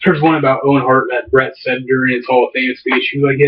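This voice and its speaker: A man's voice: mid-range voice, little pitch movement, fast, hardly any pauses. A man co-hosting a podcast, telling stories in casual chat with lots of fillers and restarts. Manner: rambling storyteller, many fillers and restarts. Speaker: podcast co-host. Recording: distant, dull lo-fi mic.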